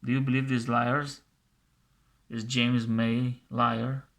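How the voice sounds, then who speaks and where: A man's voice: mid-range voice, level tone, slow, gravelly, fairly bright tone. A man commenting scornfully over a video he plays, mocking and scolding its makers and often repeating himself.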